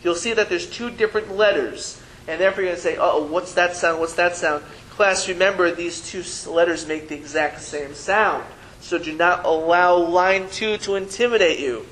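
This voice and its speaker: A man's voice: high voice, normal speed, a bit bright, slight background noise, low-quality recording. A man teaching a Hebrew reading lesson to a class, patiently sounding out syllables and teasing his students playfully.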